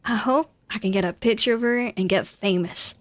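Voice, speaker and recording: A woman's voice: mid-range voice, moderate pace, close to an everyday voice. A woman voicing an eager, fame-seeking male ghost hunter in a game, talking in a chatty way.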